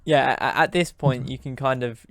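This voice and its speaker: A man's voice: mid-range voice, fairly even intonation, a little fast, a bit bright, no echo. A man narrating a tabletop game as game master, rambling and often restarting his sentences.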